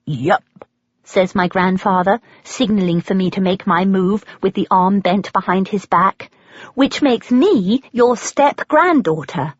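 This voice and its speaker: A woman with an English accent narrating a memoir audiobook in a measured, expressive storytelling manner. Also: mid-range voice, no room sound, muffled recording.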